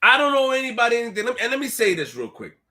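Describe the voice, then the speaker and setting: A young man rants to his live-stream audience with a bright, high-pitched voice. He keeps repeating himself and drops into street slang. He moves from low mutters to loud bursts. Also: very fast. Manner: animated, repetitive, street slang, swings from quiet to loud. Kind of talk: casual live-stream rant.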